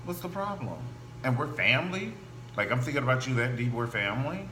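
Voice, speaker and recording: Animated campy man with a bright voice. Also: mid-range voice, fast talker. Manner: animated and campy, full of asides. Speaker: gossip show host. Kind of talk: casual celebrity gossip monologue. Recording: echoey room with faint hum.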